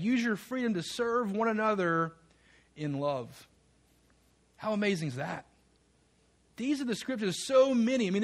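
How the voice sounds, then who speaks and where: A man with a fairly high voice preaches a sermon from the pulpit. He reads scripture passages aloud and calls out questions for the congregation to answer back. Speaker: pastor.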